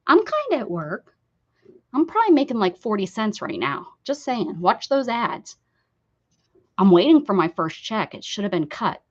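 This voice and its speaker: A woman's voice: mid-range voice, very animated, normal speed. A woman hosting a casual art livestream, chatting and teasing herself while she crafts. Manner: chatty, giggly, self-teasing. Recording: dull lo-fi sound.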